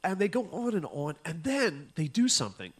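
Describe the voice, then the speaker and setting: A man's voice: on the high side, big pitch swings, normal speed, husky. A man co-hosting a comedy podcast, ranting animatedly and profanely, often acting out his own exasperated reactions. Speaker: podcast co-host. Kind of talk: casual comedic chat.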